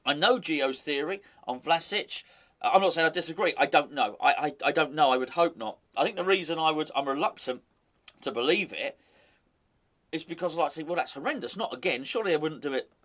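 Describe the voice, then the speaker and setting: A man's voice: on the high side, fairly quick, a bit bright. A man hosting a football fan channel, giving chatty, opinionated commentary with wry asides.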